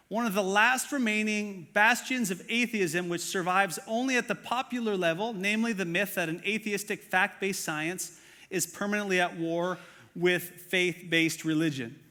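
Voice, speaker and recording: In a church auditorium with a long reverb tail, a pastor preaches a sermon in a high, bright, forceful voice. He is earnest and conversational, using many fillers and posing questions to the congregation.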